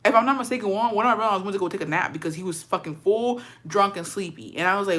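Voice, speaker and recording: A woman's voice: medium pitch, very fast, hardly any pauses, fairly bright tone. A young adult woman telling a story in a casual, profane rant, slipping in Spanish words. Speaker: storyteller on a livestream.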